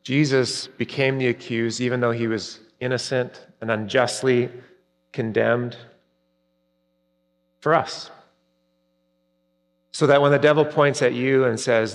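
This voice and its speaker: A man preaching a sermon earnestly, rising for emphasis and dropping soft at key points. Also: mid-range voice, steady tone, a little slow, pauses often. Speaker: pastor. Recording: long reverb, hall-like.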